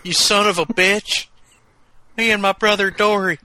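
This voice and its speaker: Man doing a pun-heavy villain, blustery, brash, higher than his own voice. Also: fairly even intonation, normal speed, bright, forceful tone. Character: egg-punning tough-guy villain, rowdy adult man.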